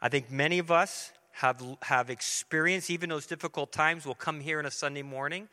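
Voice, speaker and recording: A middle-aged male preacher with a somewhat high, bright, forceful voice, speaking earnestly and conversationally from the pulpit. His sermon rings through a church sanctuary with a long, lingering echo. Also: steady tone, a little fast. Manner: earnest, conversational, acts out dialogue. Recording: long reverberant hall.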